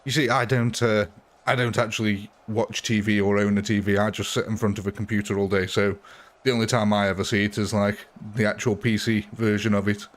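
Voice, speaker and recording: A man's voice: on the low side, flat delivery, a little fast. A man live-streaming a battle game, chatting casually with his viewers, thanking them by name and laughing often while he talks.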